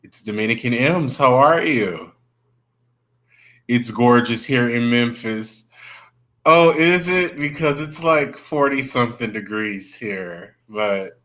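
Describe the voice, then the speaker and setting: A man's voice: medium pitch, animated, slow pace, fairly bright tone. A young man hosting a casual livestream, chatting with viewers, greeting them by name and gossiping about the news. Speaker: livestream host.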